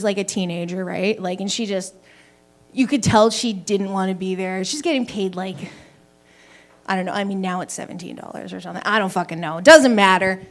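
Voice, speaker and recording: A woman doing an open mic stand-up set, telling a story in a loose, conversational way with swearing and self-deprecating asides. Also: mid-range voice. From Canada. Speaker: stand-up comedian. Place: small comedy venue with live audience.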